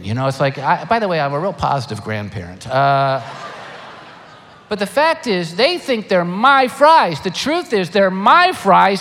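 An older man preaching a sermon, animated and emphatic, firing rhetorical questions. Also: sits high, measured pace. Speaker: pastor. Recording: long hall reverb.

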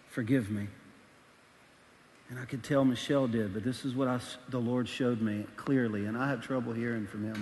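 Pastor telling a story in a big reverberant hall. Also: male voice, medium pitch, a little hiss or hum. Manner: candid storytelling, acts out voices in bursts. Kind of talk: sermon.

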